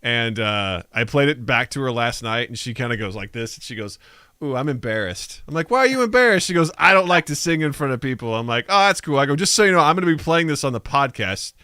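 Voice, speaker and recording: A man's voice: mid-range voice, fast talker, hardly any pauses, clear, resonant tone, no echo, clean studio sound. A man in his thirties co-hosting a podcast, telling a story in casual chat and acting out the quotes. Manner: animated storytelling, acts out quotes. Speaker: podcast co-host.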